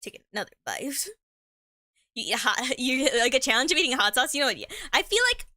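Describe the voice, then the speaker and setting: A young woman streamer rambling casually as she eats, tripping over words and tossing in slang. Her voice is bright and a little high. The sound is dry and close, with no room around it. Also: expressive, brisk, no room sound. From Mexican heritage. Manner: chatty and rambling, stumbles over words, slangy, laughs often, talks with mouth full. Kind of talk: casual chat while eating.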